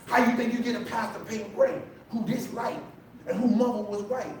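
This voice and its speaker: A man preaching a sermon to a congregation, impassioned and shouting, with the congregation answering back. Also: very high voice, flat delivery, a little fast, a little hiss or hum. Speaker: pastor. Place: large church hall. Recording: echoey hall, mic from a distance. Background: congregation responding.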